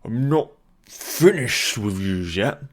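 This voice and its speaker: A man doing a deep, slurring drunken brawler. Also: lively intonation, takes it slowly. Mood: belligerent. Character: big drunken male brawler.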